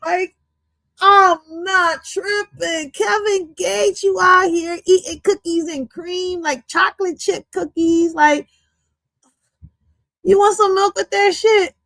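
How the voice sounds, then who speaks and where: A woman hosting a live stream, giving loud, profane reaction commentary and laughing often. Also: extremely high pitch, steady tone, slow pace, no room sound. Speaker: streamer host.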